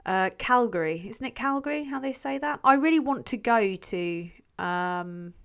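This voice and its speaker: A woman's voice: a little high, expressive, normal speed, gravelly, a bit bright, clean tone. Rambling, sweary woman streamer. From England. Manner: rambling, sweary, self-mocking, trails off mid-sentence. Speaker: channel host. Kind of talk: casual live-stream chat reading viewer comments.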